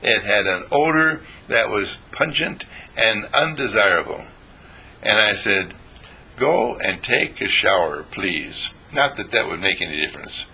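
A man's voice: lowish voice, bright, forceful tone, breathy edge. An older man giving a folksy, meandering spiritual talk to a small group, playful and chatty.

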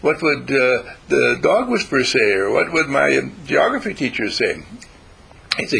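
A man giving a spiritual talk to a group, halting and repeating words as he teaches. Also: mid-range voice, very animated, creaky, sharp tone, slightly rough, rough recording. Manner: halting, repeats words, acts out quoted voices.

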